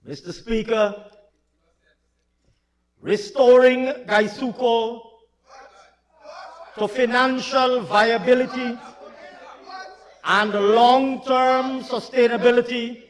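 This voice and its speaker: A man delivering a budget speech in a parliament chamber, emphatic and repetitive, at times shouting. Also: very high-pitched, fairly even intonation, takes it slowly, long pauses. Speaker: finance minister. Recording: long hall reverb in a large chamber.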